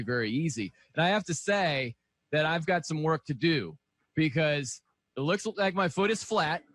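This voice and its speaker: A man's voice: fairly high pitch, fairly bright tone, dry recording. A man hosting a sports radio show, asking questions casually and joking about himself. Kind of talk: radio interview.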